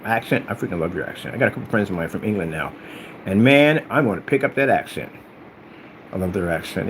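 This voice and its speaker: A man's voice: medium pitch, a little hiss or hum. Boastful man taunting rivals. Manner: taunting, boastful, sing-song asides. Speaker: screen paint maker.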